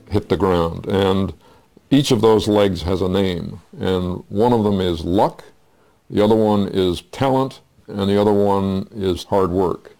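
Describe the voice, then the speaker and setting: A man in a documentary interview, explaining in a measured way. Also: low-pitched, vocal fry, warm tone, faint music behind.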